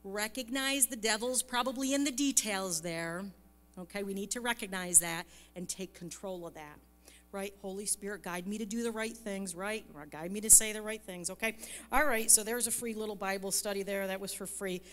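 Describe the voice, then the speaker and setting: A woman's voice: mid-range voice, normal speed, fairly bright tone. A woman telling a story in a conversational sermon, often checking in with the congregation and laughing lightly. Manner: conversational, keeps asking "right?" and laughs lightly. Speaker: speaker at a church service. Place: church sanctuary. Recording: long hall reverb.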